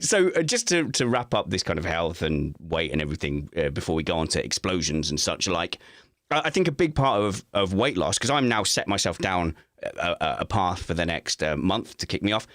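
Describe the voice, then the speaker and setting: Low-voiced male co-host, animated, self-deprecating, dry close sound. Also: moderate pace, no room sound. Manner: animated and self-mocking, laughs often. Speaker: co-host of a livestream chat show. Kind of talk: casual chat. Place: at home.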